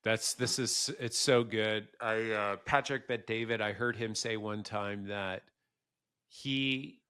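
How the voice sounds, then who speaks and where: A man's voice: fairly low pitch, steady tone, takes it slowly, pushed and bright, clean tone, dry recording, clean studio sound. A man hosting a podcast interview, talking casually and animatedly, acting out quoted thoughts with laughter. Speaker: podcast host. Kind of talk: conversational interview.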